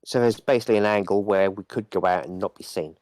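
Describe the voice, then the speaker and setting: Male player, low voice, dry recording; muses out loud, chimes in with quick agreement. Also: dry recording. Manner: thinking aloud, quick agreeing. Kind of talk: casual table talk.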